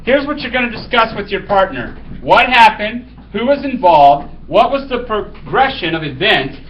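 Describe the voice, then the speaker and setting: A man's voice: high-pitched, very animated, normal speed, fairly bright tone, lo-fi sound, a little hiss or hum. A male teacher reading a story aloud to his class, then giving casual directions for a writing task.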